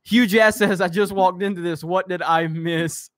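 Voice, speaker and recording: A fairly high-voiced man with a drawl hosts a live stream, reading viewer comments and firing back in a heated, swearing rant. The sound is close and dry. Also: steady tone, normal speed, fairly bright tone, no room sound. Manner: heated, ranting, swears at trolls. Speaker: host of a live-stream show.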